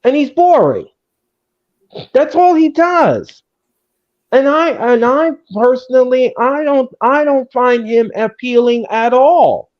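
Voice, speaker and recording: A man hosting a casual wrestling chat, ranting and hammering the same words again and again. His pitch swings widely as he talks. The audio is dull and lo-fi. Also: expressive, slow pace. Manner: ranting, repetitive and emphatic. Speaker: podcast host.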